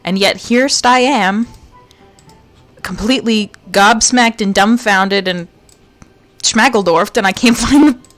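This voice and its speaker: A woman's voice: mid-range voice, slow pace, long pauses, a bit bright, faint music behind. A woman streamer chatting playfully to herself as she plays a game live, with the odd jokey mock-British phrase. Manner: chatty, playful, talks to herself while searching.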